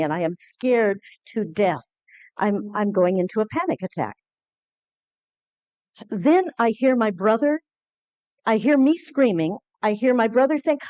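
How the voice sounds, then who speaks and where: Woman giving a talk at a conference, earnest storytelling, stops and restarts a lot, mid pitch, dry sound. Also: a little mellow, no room sound. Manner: earnest, halting with many restarts. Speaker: conference speaker. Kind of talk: personal storytelling lecture. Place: conference hall lecture.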